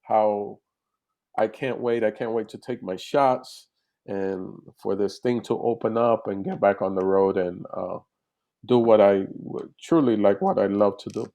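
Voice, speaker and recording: A man, a comedian, chatting casually in an interview over a video call, animated and rambling with restarts. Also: lowish voice, unhurried. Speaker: comedian guest.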